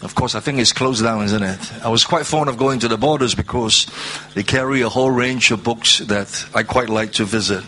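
A man preaching a sermon, reading scripture aloud and stressing words through slow repetition. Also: mid-range voice, sharp tone, slight background noise. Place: church hall, seated at a low table.

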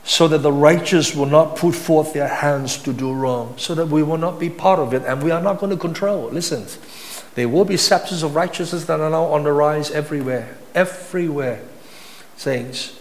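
A man preaching a sermon as a pastor, emphatic and repetitive, often building to high, intense passages. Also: moderate pace. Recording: long hall reverb.

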